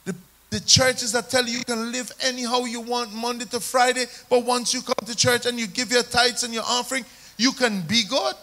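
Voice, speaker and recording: High-voiced, forceful preacher. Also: male voice, little pitch movement, moderate pace. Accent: Jamaican. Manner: call-and-response preaching, rising and falling emphasis. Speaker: pastor. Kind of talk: sermon.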